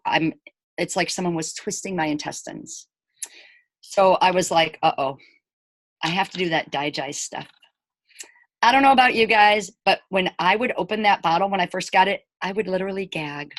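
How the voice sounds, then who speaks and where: There's no room sound as a mid-range voice moves fairly quickly: an elementary school teacher in her 40s casually tells her own story to camera. She's chatty, recreates what others said through quoted dialogue, and makes lively, emphatic asides to viewers.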